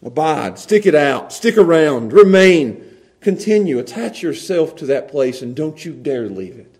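High-voiced man preaching with emphasis. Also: very animated, unhurried, a little mellow. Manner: emphatic, repeats words when pleading. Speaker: pastor. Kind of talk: sermon.

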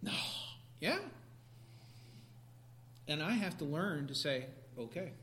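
Male preacher, high bright voice, animated delivery with sudden loud bursts. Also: slow, a little hiss or hum. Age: adult parent. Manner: animated, shifting from quiet to sudden shouts. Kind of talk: sermon.

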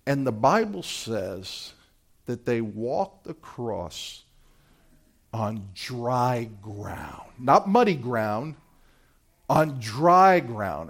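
A high-pitched male pastor delivering a sermon. He tells the scripture with drama, slipping into the voices of biblical figures and swinging between hushed and loud.

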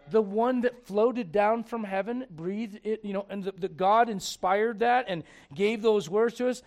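A male pastor with a notably high voice delivers a lively sermon. He jokes with the congregation and slips into acted-out voices, animated throughout. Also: normal speed, hardly any pauses. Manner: animated, joking, acts out voices.

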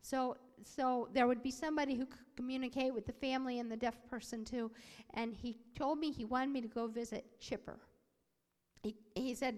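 A woman voicing a sermon as interpreter, telling a story with animated acted-out voices. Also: high voice, a little fast. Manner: animated, acts out quoted voices. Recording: long hall reverb.

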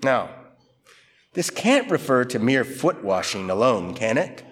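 Animated man preaching a sermon. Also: mid-range voice, measured pace. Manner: conversational, animated quoting of Peter and Jesus. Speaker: pastor. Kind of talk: expository sermon.

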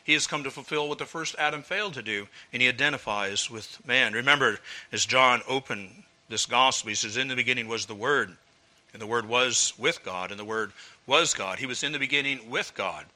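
Bright-voiced male preacher. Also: medium pitch, a little fast. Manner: earnest teaching tone, rhetorical questions. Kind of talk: expository sermon.

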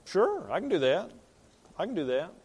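A man's voice: high-pitched, huge pitch swings, normal speed, a little mellow, slightly rough. Plain-spoken man preaching a sermon. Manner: plain-spoken, repeats words and restarts while building a point. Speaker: pastor. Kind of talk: conversational sermon.

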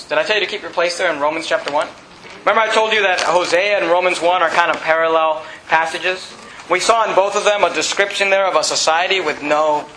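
A man preaching with a very high, piercing, bright voice, pressing each point emphatically and often raising it to a shout. He is recorded in an echoey church hall with a faint hiss behind him. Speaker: pastor. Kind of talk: Bible study sermon. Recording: echoey room, faint background noise.

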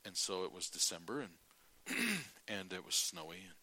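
Bright-voiced man preaching a folksy sermon. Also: low-pitched, very animated, moderate pace. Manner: folksy storytelling, acting out quotes; clears throat often.

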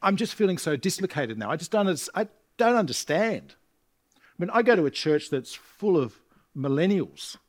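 A man's voice: high-pitched, big pitch swings, moderate pace. A middle-aged man from Australia preaching a sermon in a chatty way, asking his congregation rhetorical questions. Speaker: visiting preacher. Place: church congregation.

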